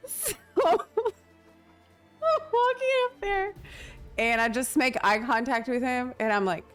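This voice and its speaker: A woman's voice: on the high side, normal speed, faint music behind. A woman streamer telling a story in casual livestream chat. She laughs often, swears casually and acts out the lines she quotes in lifted voices. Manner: animated retelling with frequent laughter and casual swearing.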